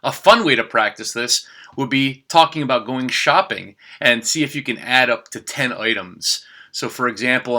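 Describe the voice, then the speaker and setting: Bright, careful man teaching pronunciation. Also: mid-range voice, lively intonation. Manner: slow, careful over-articulated demonstration of words. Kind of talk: spoken language tutorial.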